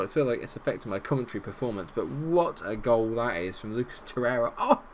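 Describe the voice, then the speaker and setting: A man commentating on his own football management game, animated and bursting into shouts at goals, a little unwell. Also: medium pitch, fast, hardly any pauses, slight background noise. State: unwell, not feeling great. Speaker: gaming video host.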